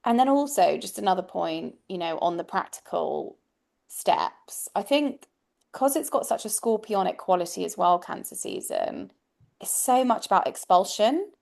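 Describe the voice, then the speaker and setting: Gravelly-voiced reflective woman guest. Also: mid-range voice, wildly swooping pitch, normal speed, darkish tone. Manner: reflective, thoughtful, trails off and restarts. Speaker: guest astrologer. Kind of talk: casual conversational podcast chat.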